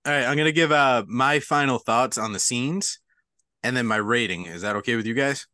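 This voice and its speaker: Male podcast host who leads the segments, sharp bright voice, dry recording. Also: medium pitch, fairly quick, no room sound. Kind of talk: casual movie review chat.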